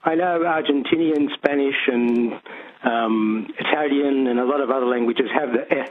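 A man's voice: medium pitch, normal speed. A man calling in to a radio show, rambling with many restarts. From Australia. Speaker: caller. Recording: phone line.

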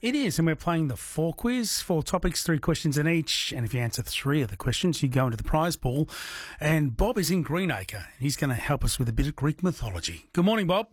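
A man hosts an overnight radio quiz, chatting easily and laughing along with his callers. His voice is slightly husky and sits a little high for a man. The studio sound is close and dry. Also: sing-song, a little fast, no room sound. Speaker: radio host. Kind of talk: late-night radio quiz chat. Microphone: studio microphone.

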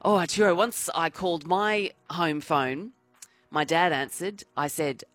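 A woman's voice: on the low side, unhurried, no echo, faint music behind. A woman hosting talkback radio in a chatty, conversational way, reading out listener messages.

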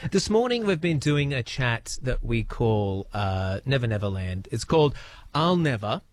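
An Australian man hosting a regional radio show, relaxed and chatty, laughing easily as he talks to callers. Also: medium pitch, measured pace, a little hiss or hum. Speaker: radio host. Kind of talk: radio host chat.

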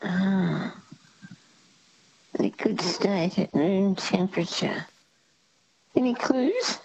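A woman's voice: medium pitch, animated, drawn-out words, gravelly, a little mellow, husky, rough recording. A woman calling in to a radio quiz, hesitant and thinking aloud, with many fillers. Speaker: caller. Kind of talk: phone-in quiz caller.

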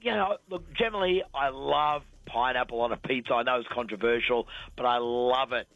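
A man's voice: mid-range voice, vocal fry, dry recording, lo-fi sound. A man with an Australian accent reading radio traffic updates and chatting casually on air. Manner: brisk, upbeat delivery. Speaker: traffic reporter. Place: radio studio.

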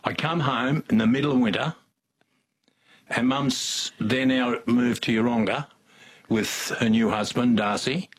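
Speaking at a measured pace in a husky, medium-pitched voice with a steady tone, an older man with an Australian accent spins casual stories as an interview guest. His delivery is folksy and rambling, and he restarts often.

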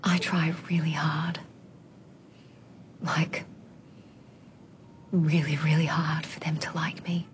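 An actress playing an earnest young woman in a film scene, speaking with an Australian accent, softly and at times in a whisper. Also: low-pitched, little pitch movement, slow, long pauses, a little hiss or hum. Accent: Australian, performed.

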